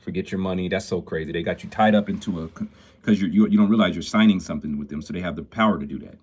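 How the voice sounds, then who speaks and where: Deep husky guy talking jewelry on a phone live, chatty and upbeat, shouting out viewers. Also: racing. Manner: talkative and upbeat, greets viewers often. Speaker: jeweler hosting a live stream. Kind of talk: casual live-stream chat.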